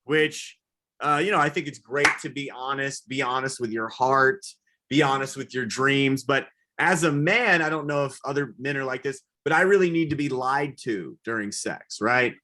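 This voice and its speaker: A man's voice: mid-range voice, pushed and bright. A man from the American South doing a stand-up comedy set, working the crowd and swearing freely. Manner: crowd work with drawn-out impressions, profane. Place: comedy venue with a live audience.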